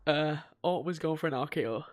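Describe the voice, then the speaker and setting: A man's voice: on the high side, fast talker. A man co-hosting a podcast, recapping in a rambling way with swearing and laughter. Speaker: podcast co-host. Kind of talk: casual chat.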